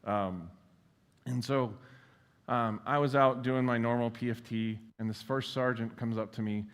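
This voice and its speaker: A man's voice: medium pitch, fairly even intonation, measured pace, smooth. A man giving a conference keynote in a casual, self-deprecating way, with lots of fillers and blunt swearing. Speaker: keynote speaker. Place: large conference hall. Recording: long reverb of a large hall.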